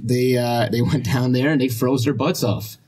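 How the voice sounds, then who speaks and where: A man's voice: mid-range voice, fairly even intonation, a little mellow, slightly rough. A Russian-born man, a guest chatting casually on a podcast and laughing often. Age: 20s. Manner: easygoing, laughs often, halting with fillers.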